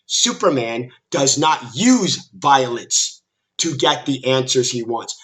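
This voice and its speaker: A man delivering an opinionated commentary vlog in a bright, forceful, slightly high voice. He takes his time, talking slowly and emphatically, and he repeats his points while mocking his audience in a combative tone. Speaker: commentary vlogger.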